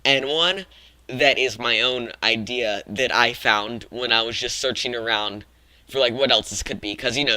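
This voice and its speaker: A man's voice: mid-range voice, pushed and bright, no room sound, poor audio. A man hosting a gaming channel, talking casually through a video-game theory, often restarting and correcting himself. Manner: rambling, frequent self-corrections and restarts.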